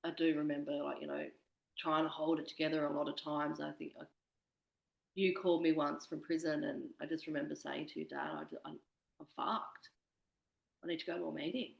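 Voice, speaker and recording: A woman's voice: low-pitched, little pitch movement, fast, creaky, reverberant, low-quality recording. A young woman speaking candidly as an interview guest, swearing freely and quoting herself. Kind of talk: candid personal conversation.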